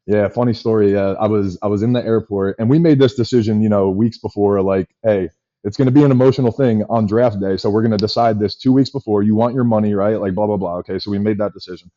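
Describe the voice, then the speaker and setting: A man in his thirties, a former pitcher and podcast guest, telling long stories quickly with many fillers. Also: no room sound. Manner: rapid, animated storyteller with many fillers. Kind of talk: casual storytelling chat. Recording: dull lo-fi podcast audio.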